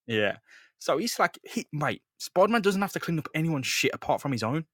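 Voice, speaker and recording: A man's voice: fairly high pitch, very animated, brisk, no echo, clean studio sound. A young man co-hosting a podcast, recapping a comic book with casual, sweary banter. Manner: recaps the comic with sweary banter, swinging between mumbles and loud bursts. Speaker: podcast co-host. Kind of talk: casual comic book read-through chat.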